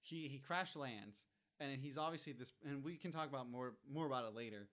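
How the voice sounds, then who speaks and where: A man's voice: mid-range voice, a little fast, fairly bright tone. A man co-hosting a casual chat, asking curious questions about a movie. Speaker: podcast co-host.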